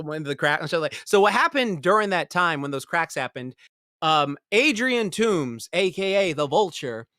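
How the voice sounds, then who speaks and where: A man's voice: a little high, bright, forceful tone, no room sound, studio quality. A man hosting a podcast, chatting casually about a movie in a profane, rambling way, mocking the characters in quoted voices. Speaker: podcast host. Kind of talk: casual movie review chat.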